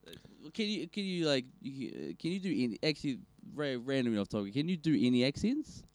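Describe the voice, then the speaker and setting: A man's voice: mid-range voice, very animated, fast, no echo. Joking, rambling man. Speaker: podcast co-host. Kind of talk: casual chat.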